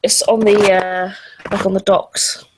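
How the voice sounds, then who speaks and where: A woman's voice: mid-range voice, little pitch movement, a little slow, crowd noise, low-quality recording. A woman narrating a tabletop role-playing game as storyteller, hesitant and full of fillers.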